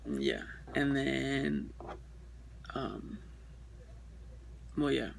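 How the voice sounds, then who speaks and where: A young man speaking quietly and briefly, with hesitation. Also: mid-range voice, very animated, very slow, creaky, low-quality recording.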